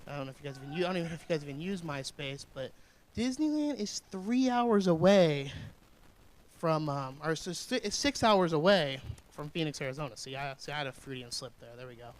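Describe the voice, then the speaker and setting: A man's voice: a little high, lively intonation, fairly quick, rough recording. A young man from Indiana doing rambling, crude, self-deprecating stand-up comedy.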